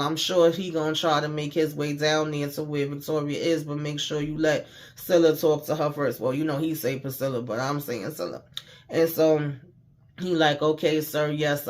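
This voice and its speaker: A man giving a casual, slangy recap of a TV episode, retelling scenes by quoting the characters with mild cursing. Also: on the high side. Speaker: TV show recapper.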